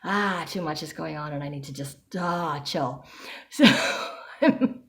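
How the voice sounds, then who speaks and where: In a chatty personal video diary, a woman vlogger talks through her anxiety, trying to reassure herself as she goes. Her voice is low and a little slow.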